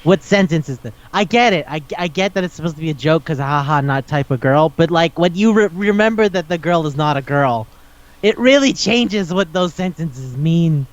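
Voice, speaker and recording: A man's voice: fairly high pitch, expressive. Exasperated man on a lo-fi podcast. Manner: incredulous, swearing, rants in rapid questions. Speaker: podcast co-host. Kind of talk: casual chat.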